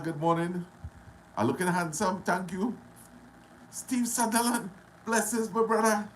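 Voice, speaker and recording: A man with a Trinidadian accent hosting a casual live stream, greeting viewers one by one and talking loudly. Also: a little high, a little hiss or hum, rough recording. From Trinidad and Tobago. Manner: greets viewers by name, loud and friendly. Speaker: livestream host.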